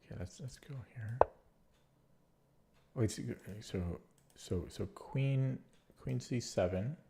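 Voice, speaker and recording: This man has a mid-range voice with vocal fry and takes things slowly, with background noise in the recording. He's allergy-stuffed and nasal, hesitantly calling out his own moves under his breath as he thinks aloud through an online chess game.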